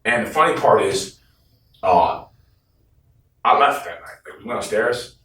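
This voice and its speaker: In an unhurried, lowish voice, a man interviewed about his time on a team retells events bluntly and profanely. He animates the story by mimicking what others said, and the recording is echoey, captured from a distance.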